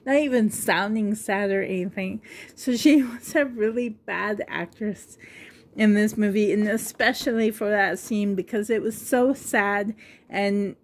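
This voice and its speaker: Slow, rambling chatty woman. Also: medium pitch. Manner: rambling, chatty, laughs often. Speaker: vlogger. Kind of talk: casual chat to camera.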